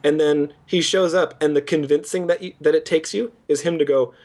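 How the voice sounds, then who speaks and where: Animated young man ranting about a game. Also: a little high, a little fast. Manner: animated, mocks lines with exaggerated voices. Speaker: podcast co-host. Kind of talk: casual game review chat.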